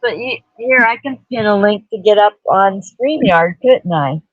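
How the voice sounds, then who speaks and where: A soft-spoken man with an English accent, hosting a casual livestream chat and joking with a guest. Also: high voice, expressive, unhurried, no room sound, highs cut off. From England. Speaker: livestream host.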